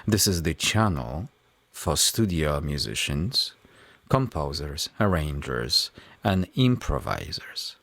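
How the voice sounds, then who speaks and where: Very deep-voiced, slow-talking male instructor. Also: sing-song, a bit bright, no room sound. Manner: measured, step-by-step explaining. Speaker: music production instructor. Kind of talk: tutorial walkthrough.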